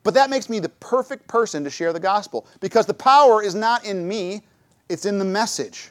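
This church speaker, a middle-aged man, has a high-pitched voice and keeps a moderate pace, recorded with no echo. His talk is full of lively personal stories in which he acts out what he and other people said.

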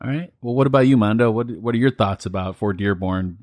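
A man co-hosting a casual podcast, easygoing, leading the chat with quick agreeing replies. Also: fairly low pitch, darkish tone, dry recording. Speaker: podcast co-host.

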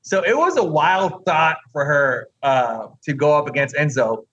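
Man, husky, a touch high-pitched, frank and emphatic, muffled lo-fi audio. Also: animated, a little slow, fairly bright tone. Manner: emphatic, frank, keeps asking "right?". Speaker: eliminated reality competition contestant. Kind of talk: remote interview, storytelling.

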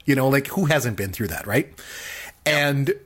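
A man co-hosting a podcast, chatting casually and telling animated stories while laughing at them. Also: mid-range voice, unhurried, husky. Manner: animated storytelling, laughs at his own stories. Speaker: podcast co-host. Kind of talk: casual chat.

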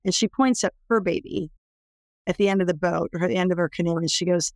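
Speaking a little fast in a fairly low voice, this middle-aged Californian woman appears as an interview guest. She works against trafficking, and her personal story comes out emphatic and intense, rising to impassioned pleas, in a dry recording.

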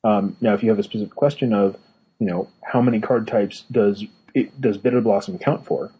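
A man co-hosts a casual podcast and explains rules in a patient, rambling way full of ums and restarts. His voice is low and dark, with an extremely smooth, resonant timbre. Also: fairly even intonation, fairly quick, low-quality recording. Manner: explanatory, many fillers and restarts. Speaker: podcast co-host, card game judge. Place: Northern California.

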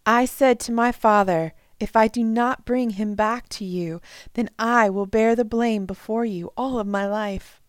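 A woman's voice: on the high side, steady tone, a little slow, clear, resonant tone, no room sound, studio quality, lightly acted. A woman doing a desperate pleading brother. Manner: earnest, urgent pleading. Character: pleading grown male brother, desperate and humble.

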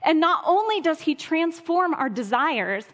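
A woman's voice: extremely high pitch, big pitch swings, unhurried, a bit bright. A woman preaching a sermon, earnest and storytelling, with wry asides. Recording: long hall reverb.

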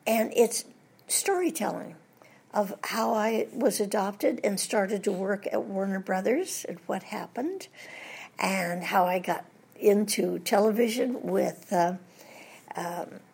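An older American woman with a gravelly, slightly husky voice tells stories from her career in a relaxed interview. She is animated and quick to laugh, rolling one anecdote into the next. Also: medium pitch. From United States. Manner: lively anecdotal storyteller, laughs often at her own stories. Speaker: guest, veteran voice actress. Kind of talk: casual interview storytelling.

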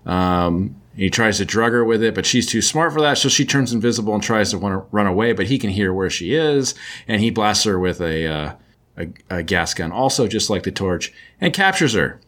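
A man's voice: fairly low pitch, animated, moderate pace, fairly bright tone. A man casually recapping a story in a loose, chatty way, full of filler words. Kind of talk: casual comic book recap.

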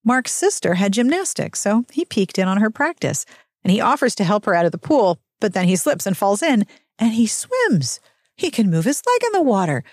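A podcast host recapping a novel, mixing read-aloud passages with sarcastic, giggly commentary. Her voice sits at a middling pitch. The recording is dry and close, with no room sound. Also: darkish tone, dry recording. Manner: snarky asides, frequent laughter.

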